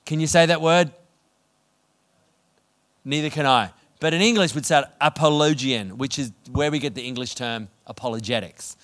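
A man preaching a sermon, energetic and conversational as he tells stories. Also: mid-range voice, moderate pace. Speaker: pastor.

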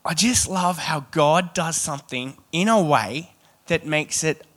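A man preaching a sermon, reading scripture and then talking it through in a chatty, animated way with joking asides. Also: fairly high pitch, measured pace.

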